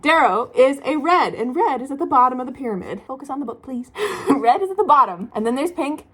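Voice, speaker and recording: A young woman chats to camera at home about a book series, ranting and rambling with plenty of filler words. Her voice has a breathy, slightly raspy edge. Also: high-pitched, lively intonation, fairly quick, a bit bright. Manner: chatty, ranting, frequent "like" fillers. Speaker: book vlogger. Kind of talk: casual chat. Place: room at home, at night.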